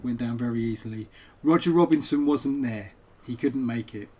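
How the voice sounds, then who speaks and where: A man at his home computer chatting loosely to a live-stream audience, mid-pitched and conversational. He wanders from topic to topic in an easygoing, rambling way, speaking into a desk microphone. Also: normal speed, dark tone. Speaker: poet and game streamer. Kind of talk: casual live-stream chat over gameplay.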